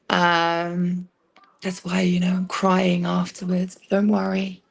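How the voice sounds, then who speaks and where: A woman's voice: fairly low pitch, monotone, slow pace, vocal fry, breathy edge. A woman livestreaming a rambling personal monologue, sardonic and swearing freely as she jumps between topics.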